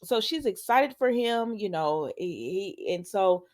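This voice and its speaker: A woman's voice: medium pitch, unhurried. A woman hosting a casual recap vlog of a soap opera, talking straight to her viewers and acting out what the characters said. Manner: animated storytelling, acts out the quoted lines; chatty and informal, talks straight to viewers.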